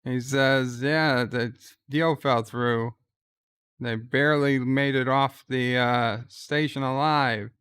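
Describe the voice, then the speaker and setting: Slow, clear-voiced man retelling a show. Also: mid-range voice, steady tone, fairly bright tone, no echo. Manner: retells scenes, quoting lines in a plain voice; reads out viewer chat messages. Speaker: host. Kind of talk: live reaction commentary.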